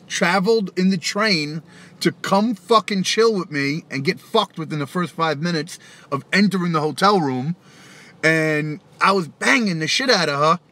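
A man's voice: fairly high pitch, pushed and bright. Brash profane man ranting on a live stream. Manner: profane, taunting, swaggering, laughs often. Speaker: rapper hosting a live stream. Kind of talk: casual live-stream rant answering chat.

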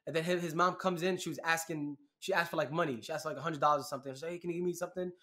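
A man's voice: on the high side, fairly even intonation, racing, bright, forceful tone. A man co-hosting a podcast, talking in a heated, mocking way and telling stories with lots of animation. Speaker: podcast co-host. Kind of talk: casual podcast chat.

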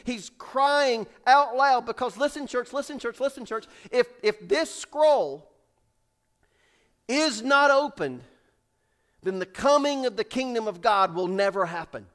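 High-voiced preacher, dramatic swings. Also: male voice, measured pace. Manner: preaches with rising, shouted dramatic build-ups and hushed drops; acts out characters in raised voices. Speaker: pastor. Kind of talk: sermon. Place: church sanctuary.

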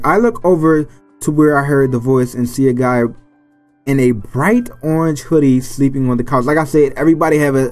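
A man hosting a gaming channel, reading a visual novel aloud with joking commentary and stumbling over character names. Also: medium pitch. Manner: playful, stumbles over names and jokes between lines.

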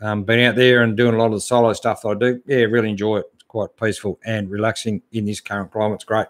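A middle-aged Australian man hosting a casual live stream, reading out viewers' comments and answering them in a relaxed, chatty way that keeps coming back to "mate". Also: fairly low pitch, fast. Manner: laid-back, chatty, calls everyone mate. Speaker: host answering live chat.

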